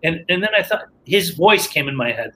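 A man's voice: a little high, lively intonation, moderate pace, pushed and bright, a little hiss or hum, low-quality recording. A man casually telling a story from his recovery, rambling with lots of fillers and restarts.

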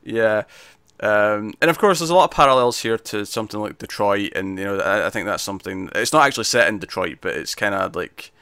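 A man talks through a film in relaxed conversation, stumbling and restarting as he goes. His voice is bright and forward, recorded close and dry with no room around it. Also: on the low side, brisk, clear, resonant tone, dry recording. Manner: hesitant, with frequent restarts and fillers. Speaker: film reviewer. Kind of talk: casual film discussion.

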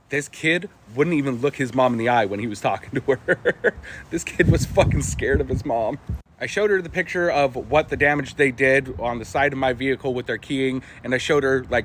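A man's voice: medium pitch, normal speed, fairly bright tone, a little hiss or hum. A man telling a casual, wry anecdote to camera, laughing here and there as he goes. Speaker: storyteller in a short video clip.

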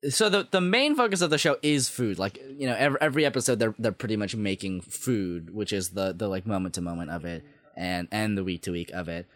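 A man's voice: on the low side, lively intonation, a little fast, dry recording, studio quality. A man chatting casually about a show, rambling with many fillers and restarts, enthusiastic about what he likes. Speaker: podcast co-host discussing an anime. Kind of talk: casual chat.

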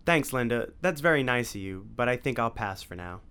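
A man's voice: mid-range voice, animated, a little fast, sharp tone, smooth. A man voicing a cheeky, plucky boy hero in a storybook reading, with a spirited delivery.

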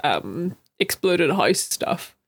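A woman's voice: fairly low pitch, sing-song, very slow, vocal fry, breathy edge. A woman talking through a comic book in a loose, chatty way, dropping casual swears. She sounds like a podcast co-host sharing reactions with friends.

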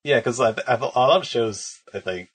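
A man chatting casually, speaking slowly and laughing easily. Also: mid-range voice, noisy background. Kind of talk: casual chat.

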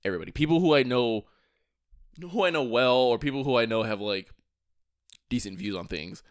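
A man's voice: mid-range voice, animated, fairly quick, clean tone, dry recording, clean studio sound. A young man co-hosting a podcast, ranting in casual chat, restarting his sentences a lot and swearing often. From Virginia. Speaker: podcast co-host.

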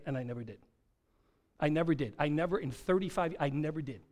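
A man preaching a sermon, telling a personal story and repeating key phrases slowly for emphasis, swinging between quiet and loud. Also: on the high side, animated.

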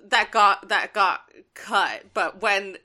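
A woman's voice: mid-range voice, takes it slowly, bright, forceful tone. A woman co-hosting a podcast, talking about a cartoon as an enthusiastic fan, with many fillers. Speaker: podcast co-host. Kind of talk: casual chat.

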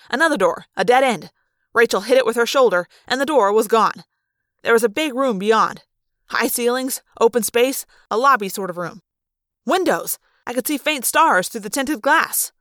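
A woman narrating a fan-read audiobook, telling the story in an expressive, dramatic way. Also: on the high side, dry recording, clean studio sound. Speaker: audiobook reader.

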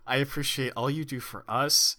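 A man's voice: medium pitch, steady tone, normal speed, pushed and bright. A man co-hosting a podcast, chatting casually and rambling in a mock-sincere, earnest way. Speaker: podcast co-host. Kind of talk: casual comedic chat.

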